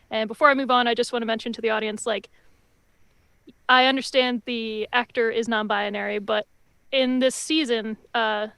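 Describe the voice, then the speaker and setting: A woman co-hosts a casual review podcast, her voice sitting a little high. She talks in an expressive, chatty way and swears freely. The sound is close and dry with no room around her. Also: clear, resonant tone, no echo. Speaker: podcast co-host.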